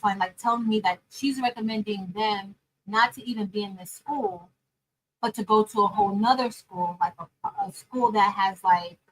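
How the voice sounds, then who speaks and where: A woman chatting casually and telling a story straight to her viewers, animated, calling them y'all and girl. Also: mid-range voice, low-quality recording. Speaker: crafting vlogger and teacher.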